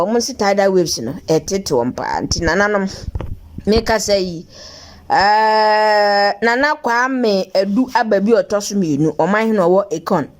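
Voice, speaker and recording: A woman presenting local news commentary in a chatty, teasing way. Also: medium pitch.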